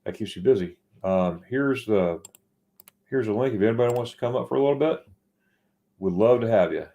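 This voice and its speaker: A man hosts a loose, late-night live chat with a low, mellow voice. He rambles and trips over repeated words, laughing often. He sounds tired from being up all night. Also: animated, brisk. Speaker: host.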